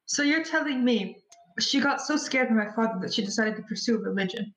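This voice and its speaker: A woman's voice: fairly high pitch, a little fast, a bit bright, roomy sound, low-quality recording. A woman playing a tabletop game in character, playful and teasing. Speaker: player. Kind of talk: casual in-character tabletop chat.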